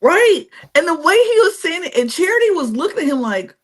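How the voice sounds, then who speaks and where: A woman co-hosts a casual podcast chat. Her pitch leaps around as she gives her opinions and acts out what people said. Her delivery is frank and animated. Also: fairly quick. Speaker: podcast co-host.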